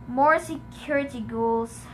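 Indignant god of the dead read by a woman; slow, high-voiced storybook delivery. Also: lively intonation, a bit bright, a little hiss or hum, heavily acted. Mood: grumbling. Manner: indignant, bellowing, grumbling. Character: male god of the dead, angry, complaining.

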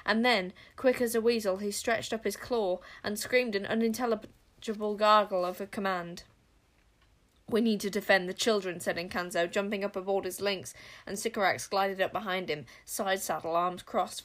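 A woman narrating a storybook with an expressive, dramatic delivery. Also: medium pitch, moderate pace. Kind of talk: storybook reading.

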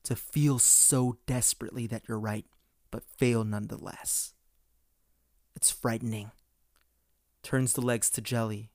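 A man doing an impression of a huge purple alien warlord, speaking slowly in a low, hushed, fatalistic way. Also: steady tone, no echo, studio quality, close to an everyday voice. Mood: grave.

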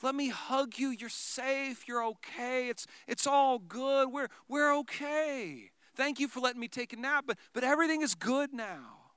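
A preacher voicing Jesus, earnest and soft-spoken. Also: male voice, very high voice, animated, measured pace, hardly any pauses, clean tone, dry recording, studio quality, heavily acted. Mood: reassuring. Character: Jesus, a calm, patient male teacher.

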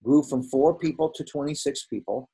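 Man in his sixties, husky voice, casual storytelling, acts out quoted dialogue. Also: fairly high pitch, normal speed, warm tone. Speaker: guest, veteran hairdresser.

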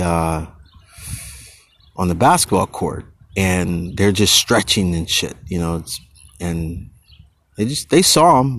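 A man hosting his own podcast, talking casually and rambling into tangents with a husky voice and slangy manner. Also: sits low. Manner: goes on tangents, restarts, slangy. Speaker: podcast host.

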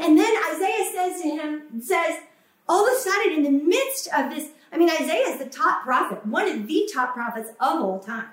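A woman preaching a sermon with passion, acting out the voices of the people she quotes and repeating words for emphasis. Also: sits high. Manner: impassioned, acts out quoted voices, emphatic repetition. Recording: echoey room, voice from a distance.

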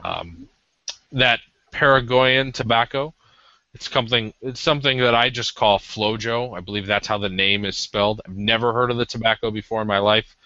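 Male podcast co-host, lower-pitched and bright, hesitant casual review, lo-fi sound. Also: normal speed, no room sound. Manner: rambling, hesitant with many ums. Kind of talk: casual cigar review chat. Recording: dull lo-fi audio.

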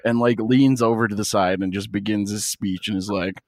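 A man's voice: fairly low pitch, steady tone, brisk, a little mellow. A man co-hosting a podcast, laughing and recounting in casual chat. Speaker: podcast co-host.

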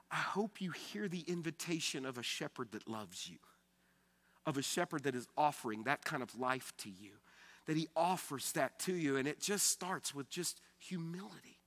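A man preaching a sermon as pastor, conversational, rising to loud emphasis and dropping to soft, quiet lines. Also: a little high, animated, moderate pace, long reverb tail.

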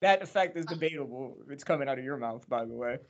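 A man's voice: mid-range voice, lively intonation, fast talker, dull audio. A man co-hosting a podcast, rambling and joking about football with plenty of swearing. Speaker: podcast co-host. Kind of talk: casual chat about football.

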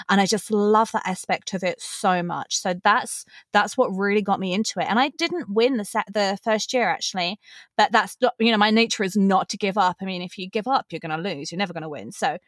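A woman's voice: medium pitch, dry recording. Earnest, talkative woman guest in dry sound. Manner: earnest, talkative, laughs between thoughts. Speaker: podcast guest, pageant contestant. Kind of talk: casual podcast interview.

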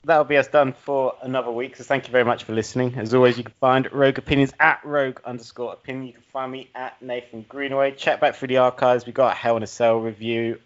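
Dry, sceptical podcast host. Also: male voice, mid-range voice, fairly even intonation, quick pace, few pauses, lo-fi sound. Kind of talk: casual chat.

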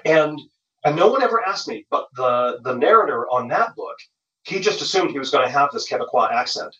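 A man, a guest author, telling stories in a casual interview, animated and full of restarts, heard over remote call audio. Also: medium pitch, fairly quick, roomy sound, distant mic, muffled recording. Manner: animated storytelling with frequent restarts.

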